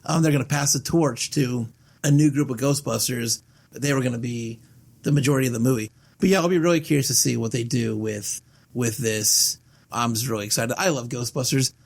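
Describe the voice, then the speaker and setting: Male podcast host, gravelly voice, loose rambling chat. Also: mid-range voice, fairly quick. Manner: rambling, animated, swears casually. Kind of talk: casual chat.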